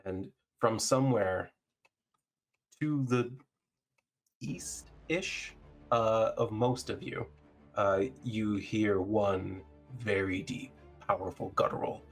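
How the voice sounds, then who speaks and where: A man's voice: on the low side, slow, soft background music. A man narrating as game master, easygoing and full of ums as he describes the scene. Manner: relaxed, hesitant, many ums.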